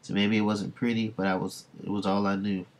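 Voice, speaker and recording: A man reading the lines of a young half-alien woman, low and matter-of-fact. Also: flat delivery, fairly quick, lightly acted.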